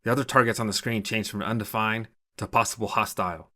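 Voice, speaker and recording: A man narrating a short story in a steady, even storytelling manner. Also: on the low side, fast talker. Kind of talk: scripted narration.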